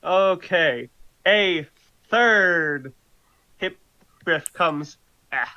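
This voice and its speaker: Slow bright game master counting dice out loud, bit lo-fi mic. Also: mid-range voice, lively intonation. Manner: laughs often, counts dice aloud. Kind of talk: narrating a tabletop game. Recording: slightly dull lo-fi sound.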